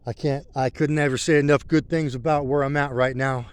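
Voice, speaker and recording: A man's voice: medium pitch, fairly even intonation, brisk, clear, resonant tone, dry recording. A middle-aged man, talking in a rambling, heartfelt way while out on a country road. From rural country background. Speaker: motorcycle vlogger. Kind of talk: casual spoken vlog while riding.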